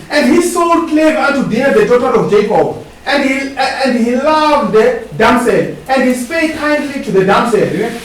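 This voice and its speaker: A man preaching a sermon. He tags his lines with questioning asides and asks the congregation to finish his sentences. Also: very high voice. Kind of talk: sermon with call-and-response. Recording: echoey hall, distant mic, faint hiss.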